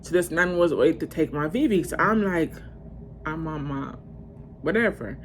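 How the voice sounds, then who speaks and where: A woman in her twenties telling a storytime tale to her viewers in a casual, profane, rambling way, breaking into loud outbursts. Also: low voice, animated, moderate pace, a little hiss or hum. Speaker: vlogger.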